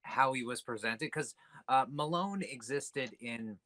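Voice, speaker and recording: A man's voice: medium pitch, a little slow, sharp tone, no room sound, poor audio. A tipsy man co-hosting a podcast, teasing his co-hosts and dropping movie trivia in casual chat. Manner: teasing, eager to drop trivia. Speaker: podcast co-host.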